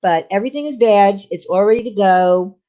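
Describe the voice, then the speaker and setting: A woman's voice: medium pitch, fairly quick, dark tone, muffled recording. A woman hosting a casual livestream, talking in a rambling way with lots of fillers and restarts. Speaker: channel host.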